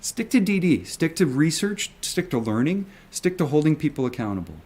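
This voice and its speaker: A man's voice: fairly high pitch, big pitch swings, moderate pace, darkish tone. A man who invests in stocks, talking to his viewers in a video. He rants emphatically, repeats himself and swears often. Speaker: retail stock investor vlogger. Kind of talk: ranting video commentary.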